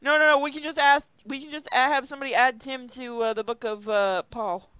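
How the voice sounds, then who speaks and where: A woman's voice: high-pitched, fairly even intonation, brisk, pushed and bright, clear, resonant tone, no room sound. A woman hosting a stream, reading a badly written story aloud with friends, swearing and laughing as she goes. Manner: giggly, swears a lot, breaks off to joke. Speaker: host reading a fan fiction aloud. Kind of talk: comedic dramatic reading on a live stream.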